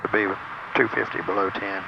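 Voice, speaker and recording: A man's voice: lowish voice, a little fast, creaky, lo-fi sound, noisy background. A man flying a small jet, joking casually about the approach in the cockpit. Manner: joking, relaxed asides. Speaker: pilot and channel host.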